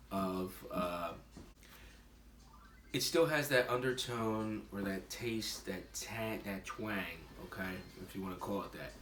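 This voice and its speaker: In a laid-back tasting vlog, a man rambles about his homebrewed beer, full of fillers and jokes at his own expense. He's recorded from a distance, so the sound is roomy and noisy, and his voice sits on the low side with a slightly bright quality.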